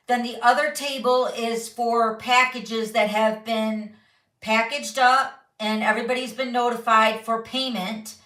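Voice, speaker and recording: Reverb hangs around a slightly high, fairly bright female voice as she hosts a live papercraft chat at home in her craft studio. Chatty and bubbly, she keeps things casual and reads viewers' comments aloud.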